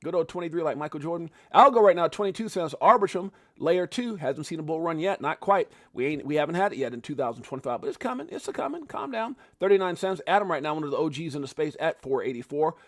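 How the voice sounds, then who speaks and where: A middle-aged man hosts a live crypto market show in a loose, joking way, swearing casually and greeting viewers by name. His voice sits a touch high for a man. The sound is dry and close, with no room around it. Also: fast talker, hardly any pauses, dry recording. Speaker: crypto livestream host.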